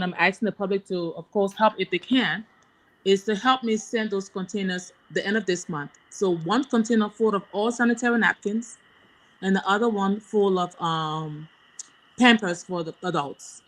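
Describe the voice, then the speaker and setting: A woman's voice: mid-range voice, normal speed. A woman from Liberia, a guest on a video call talk show, making an urgent, rallying appeal to her compatriots.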